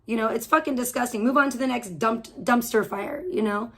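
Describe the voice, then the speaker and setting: A woman hosts an audio-only livestream from home, ranting in a heated, profane, rambling way with lots of restarts. Her voice is fairly high, brisk, and a bit bright.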